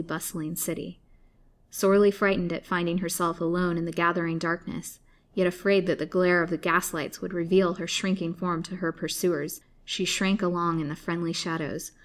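A woman with a lowish voice reads an old-fashioned story aloud as a narrator. Her delivery is steady but expressive, lifting for the dramatic beats. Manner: expressive, rising for dramatic moments. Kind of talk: scripted storybook reading.

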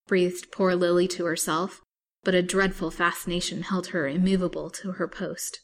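A woman's voice: lowish voice, moderate pace, slight background noise. Woman reading an old novel aloud. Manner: steady, dramatic storytelling. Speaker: storyteller.

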